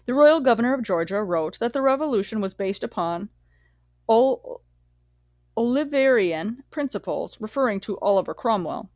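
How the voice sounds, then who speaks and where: A woman reading a nonfiction history book aloud in a measured, steady way, sometimes correcting herself. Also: medium pitch, no room sound. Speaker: audiobook reader.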